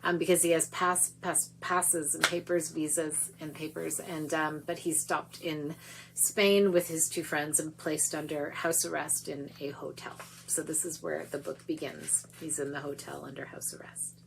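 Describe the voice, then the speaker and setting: A woman's voice: low voice, steady tone, moderate pace, creaky, background noise. A woman author speaking at home over a video stream, chatty and self-deprecating, filling her talk with ums and small laughs. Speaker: author giving a reading. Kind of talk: casual talk at a livestreamed book reading.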